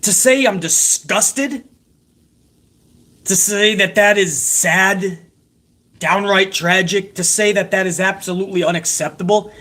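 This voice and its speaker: A man's voice: sits high, a little slow, pushed and bright. Male host, profane ranting recap, sarcastic and heated. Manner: heated, sarcastic, heavy swearing. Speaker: wrestling show host.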